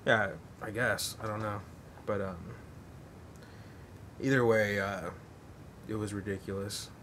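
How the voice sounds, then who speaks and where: A man's voice: fairly low pitch, steady tone, measured pace, a bit bright, a little hiss or hum. A man hosting a podcast, telling a long story in a rambling, profane way full of fillers. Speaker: podcast host. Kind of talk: casual storytelling.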